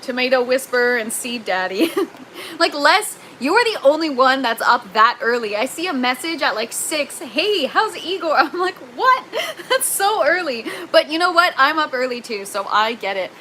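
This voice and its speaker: A young adult woman with a Canadian accent, hosting a gardening livestream in an excitable, chatty way and reading viewer comments aloud. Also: high voice, slight background noise, poor audio. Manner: excitable, chatty, quick to laugh.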